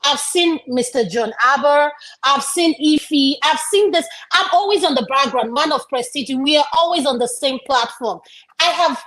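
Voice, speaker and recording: A woman from Africa who sits on a discussion panel and argues her points emphatically. Her voice sits high. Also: normal speed, a bit bright, poor audio. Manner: emphatic, opinionated.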